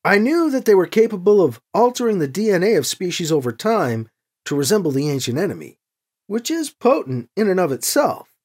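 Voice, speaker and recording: A brash young man in charge who pushes back with sharp sarcasm, as an audiobook reader puts him on. The pitch rises and falls very widely. He sounds defensive in a storybook scene. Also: big pitch swings. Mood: explaining. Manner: sarcastic, quick retorts.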